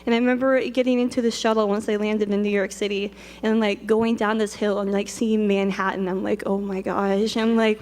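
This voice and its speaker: A woman's voice: medium pitch, steady tone, brisk, few pauses. A young woman telling a personal story in a chatty, rambling way. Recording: long reverb.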